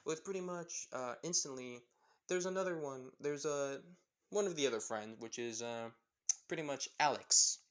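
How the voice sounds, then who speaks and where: Man, fan story narrator, rambling, filler-heavy, improvised, middle pitch. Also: normal speed, a bit bright. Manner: rambling, many fillers like "pretty much".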